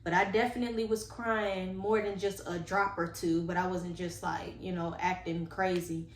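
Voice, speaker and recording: A woman tells a personal story to her viewers, earnest and animated as she talks to them directly. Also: lowish voice, moderate pace. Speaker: vlogger telling a personal story. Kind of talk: casual storytime monologue. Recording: echoey room with faint background noise.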